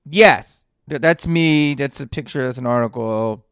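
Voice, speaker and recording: A man's voice: medium pitch, unhurried, fairly bright tone, smooth, no echo, clean studio sound. A man hosting a solo podcast from a hotel room, telling a rambling story with lots of swearing and sighing. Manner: profane, sighing, digressive. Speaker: podcast host.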